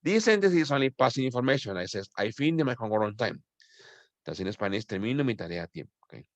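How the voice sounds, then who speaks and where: A male English teacher works through a grammar point for his class. His pitch rises and falls a lot, and he keeps checking in with his students. The sound is dry and close, with little room echo. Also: sing-song, fast talker. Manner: explains patiently, checks in with "okay?" often; switches to Spanish to address his students.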